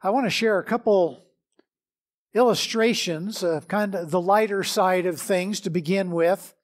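A middle-aged man, a pastor, preaching a measured sermon with prayer and scripture reading. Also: sits high.

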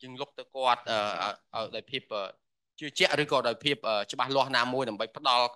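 Rapid, bright-voiced male interpreter. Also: medium pitch, fairly even intonation. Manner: rapid, with frequent hesitation fillers. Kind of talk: interpreting a workshop lecture.

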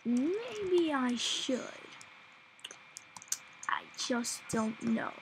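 A woman's voice: sits high, sing-song, extremely slow. A woman casually commenting on a video game as she plays, rambling and wondering aloud, often slipping into whispers. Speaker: gameplay commentator. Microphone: desktop mic. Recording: noisy home recording.

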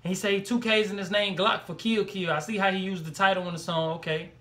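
A young man comments on a track for his reaction video, talking fast and loose in slang and breaking into exclamations. His voice sits high and sounds bright and forward. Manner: animated, slangy, exclaims and laughs between remarks.

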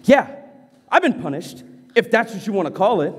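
A man's voice: high voice, big pitch swings, normal speed, breathy edge, heavily acted. A man voicing a defiant young schoolboy who sneers and talks tough before breaking down in tears. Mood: sneering. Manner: sneering and cocky, later pleading in tears. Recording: reverberant church hall.

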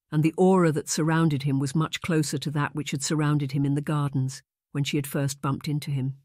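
A man reading a historical romance audiobook aloud in a calm, even storytelling manner. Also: a little high, no room sound, clean studio sound. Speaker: audiobook narrator. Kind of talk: audiobook narration.

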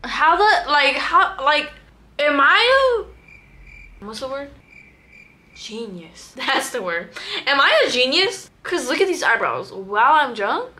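A tipsy woman in her twenties talks to her phone camera while doing her makeup at home. Her voice sits high and bright, and she rambles in a loose, giggly way, packed with slang and swearing. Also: big pitch swings, unhurried. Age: 20s. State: tipsy, drunk. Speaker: vlogger. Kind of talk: drunk get-ready-with-me chat.

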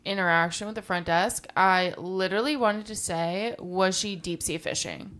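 A woman co-hosting a podcast, chiming in with quick, wry remarks on a colleague's story. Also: lowish voice, a bit bright. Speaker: podcast co-host. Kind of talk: casual podcast chat.

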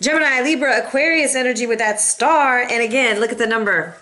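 A woman's voice: on the high side, fairly quick, sharp tone. A woman giving a casual tarot reading, chatty and sassy, calling her viewers boo and y'all. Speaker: tarot reader.

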